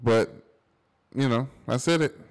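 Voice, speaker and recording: A man's voice: mid-range voice, unhurried. A man co-hosting a podcast, talking in an easygoing, reflective casual chat. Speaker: podcast co-host.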